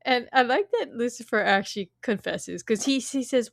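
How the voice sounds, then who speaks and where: A woman's voice: on the high side, moderate pace, creaky, hardly any pauses, no echo, studio quality. A woman co-hosting a casual TV recap podcast, retelling scenes with frequent laughter and playful quoted lines. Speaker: podcast co-host.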